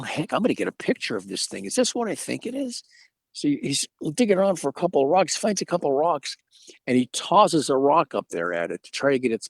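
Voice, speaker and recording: On a video call, a museum owner in his middle years from Georgia, USA, spins a story for a casual interview, voicing the characters and frequently starting over. He speaks in a mid-range voice without any echo.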